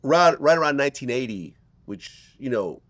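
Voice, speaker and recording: A man's voice: medium pitch, expressive, normal speed, a bit bright, no room sound. A man hosting an interview, leading the talk by recounting stories to prompt his guest. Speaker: interviewer, host. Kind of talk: conversational interview.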